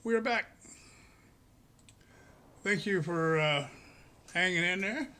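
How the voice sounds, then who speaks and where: Folksy older man, high bright voice. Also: takes it slowly, smooth. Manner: chatty and folksy, chuckling often. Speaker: streamer. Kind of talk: casual gameplay commentary.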